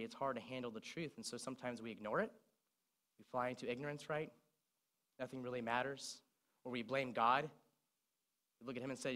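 Man, young adult, preacher, sermon, bright voice, lively retelling. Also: mid-range voice. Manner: recites song lyrics in a speaking voice, lively storytelling.

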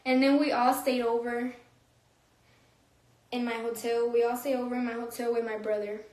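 A woman's voice: on the high side, flat delivery, moderate pace, darkish tone, reverberant. A young woman chatting casually on a phone livestream, reading comments, slangy and laughing often. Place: room, recording a phone livestream.

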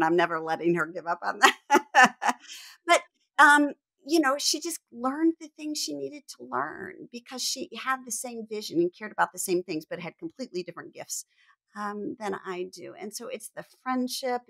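A woman's voice: mid-range voice, gravelly, fairly bright tone. A woman business coach, a podcast guest, who talks earnestly and reflectively about faith and quotes scripture. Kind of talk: faith-centered podcast conversation.

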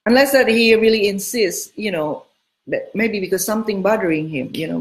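A woman's voice: mid-range voice, a little fast. Frank woman dating coach. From Southern California home. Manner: frank, emphatic, repeats key words. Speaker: dating coach answering listener questions. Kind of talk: casual advice talk.

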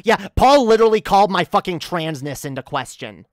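A woman's voice: fairly low pitch, expressive, fairly quick, few pauses, no echo, studio quality. A woman livestreaming an angry rant, annoyed and swearing a lot, often stammering and restarting her sentences. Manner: profane, heated, stammering restarts.

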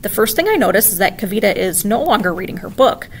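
A woman teacher reading a children's chapter book aloud in an expressive, animated way. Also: medium pitch, quick pace, slight background noise.

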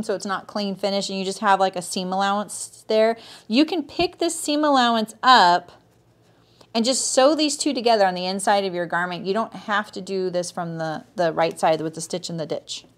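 A woman's voice: mid-range voice, moderate pace. A woman hosting a live sewing tutorial, talking viewers through each step in a chatty way, greeting them by name and checking in with "right?". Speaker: sewing teacher and livestream host.

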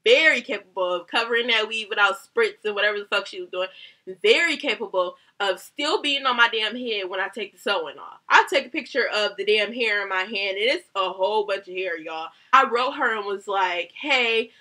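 A young woman, a hairstylist, telling a heated story about a bad salon visit, animated and swearing often. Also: mid-range voice, a little fast. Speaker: hairstylist vlogger. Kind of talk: casual storytime rant.

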